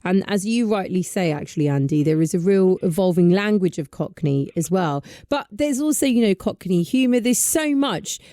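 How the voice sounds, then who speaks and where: A woman's voice: mid-range voice, lively intonation, normal speed, hardly any pauses, warm tone, no echo, studio quality. A woman hosting a radio show, chatty and encouraging as she interviews a guest. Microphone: studio microphone.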